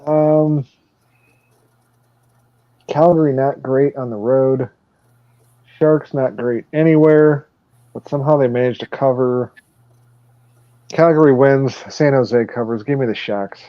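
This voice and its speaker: A man's voice: mid-range voice, fairly even intonation, slow pace, pauses often, no echo, lo-fi sound. A man hosting a casual sports betting podcast, swearing and laughing as he runs through picks. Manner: profane, laughing, loose. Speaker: podcast host.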